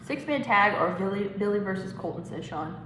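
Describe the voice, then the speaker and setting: A woman's voice: mid-range voice, lively intonation, fairly quick, roomy sound, long reverb tail, background noise. A woman hosting a casual live stream, rambling, giggling and reading chat comments aloud. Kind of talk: casual watch-along chat.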